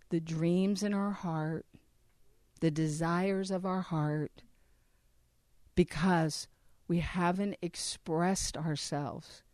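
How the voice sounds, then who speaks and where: Addressing a church audience in a conversational talk, a woman speaks earnestly about abortion recovery and often poses questions to them. Her voice is mellow and on the low side. The studio sound is clean, with no echo.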